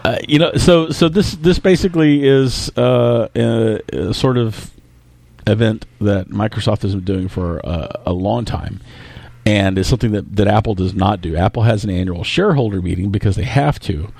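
A man's voice: fairly low pitch, moderate pace, gravelly, a little mellow, no room sound. A man co-hosting a casual tech podcast, thinking aloud in an analytical way. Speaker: podcast co-host.

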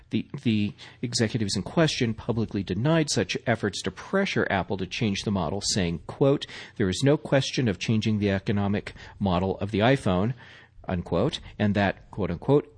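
A man's voice: on the low side, breathy edge. Man from Missouri reading tech news. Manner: plain newsreading with asides. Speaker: podcast co-host.

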